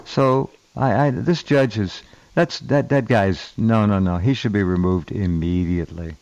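A man's voice: fairly low pitch, a little slow, darkish tone, no room sound, lo-fi sound. A man hosting a talk radio show, speaking bluntly and stumbling over the first words of his sentences. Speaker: radio host. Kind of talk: casual talk radio chat.

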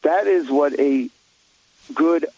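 A man's voice: fairly high pitch, slow pace, a little mellow, dull audio. A man talking in a blunt, opinionated way on a talk radio show, rambling with many restarts.

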